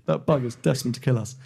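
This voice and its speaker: A man's voice: medium pitch, moderate pace, creaky, dark tone, husky. A man co-hosting a podcast in front of a live audience, telling stories and joking with a lot of laughter. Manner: chatty, laughing, jokey storytelling. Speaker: podcast co-host. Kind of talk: casual chat before a live audience.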